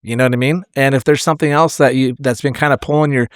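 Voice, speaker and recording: A man's voice: medium pitch, steady tone, fast talker, clear, resonant tone, dry recording, studio quality. Candid, swearing firefighter man on a podcast. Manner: candid, swears freely, emotional storytelling. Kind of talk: casual podcast chat.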